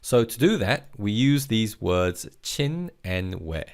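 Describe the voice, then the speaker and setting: Lively-voiced male Korean teacher. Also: fairly low pitch. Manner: slow, clear, encouraging listen-and-repeat delivery. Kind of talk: guided vocabulary lesson.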